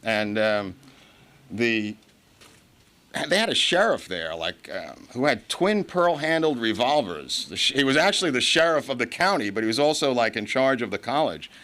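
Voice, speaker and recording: A man's voice: mid-range voice, sing-song, moderate pace, pushed and bright. A middle-aged man speaking at a recovery meeting, telling his own story in a rambling way, with asides and chuckles. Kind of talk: personal story told at a meeting. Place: meeting hall before an audience.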